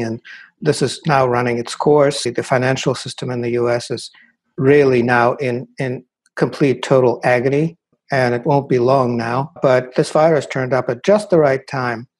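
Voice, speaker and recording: Male guest writer, Russian-born, husky, analytical, dry irony. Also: medium pitch, a little mellow. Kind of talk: interview answers.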